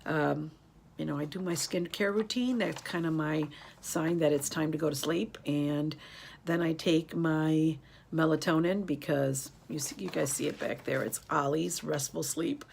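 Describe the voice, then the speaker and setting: A woman's voice: low-pitched, steady tone, measured pace, creaky, a little mellow, slight background noise. A woman in her fifties chatting casually to camera, rambling and turning emotional as she talks. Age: 50s. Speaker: beauty YouTuber. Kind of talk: casual tag video chat.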